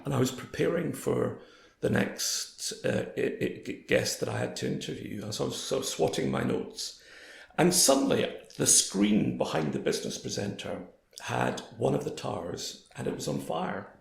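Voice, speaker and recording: A man in his fifties, hoarse, telling stories as an interview guest. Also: mid-range voice, moderate pace. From Scotland. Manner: anecdotal, quoting others in lively voices. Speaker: guest, former broadcaster. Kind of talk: storytelling in a casual interview. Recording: roomy echo.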